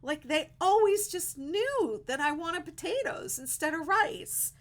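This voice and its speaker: A woman's voice: very high voice, expressive, unhurried. A middle-aged woman with a Pittsburgh accent, hosting a casual crochet livestream, chatty and rambling and laughing at her own jokes. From Pittsburgh, USA.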